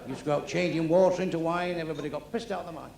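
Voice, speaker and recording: Crude comedian, gravelly voice. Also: male voice, on the high side, very fast. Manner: blunt, crude, deadpan delivery. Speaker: stand-up comedian. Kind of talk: stand-up comedy set. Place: club stage with audience. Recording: echoey club with crowd noise.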